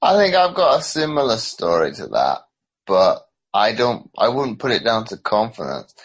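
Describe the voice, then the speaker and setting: Male podcast host, hybrid British-American accent, very deep, hesitant delivery. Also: sing-song, moderate pace, slightly rough, lo-fi sound. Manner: hesitant, restarts and sighs. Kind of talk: casual conversation.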